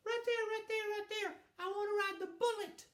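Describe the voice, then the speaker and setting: A squeaky, piercing little boy of six, bouncing with eagerness and begging over and over. The voice sits very high and carries round a roomy hall. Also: flat delivery, moderate pace, a bit bright. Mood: eager pleading. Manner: shrill, pleading, repeats himself. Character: whiny excited six-year-old boy.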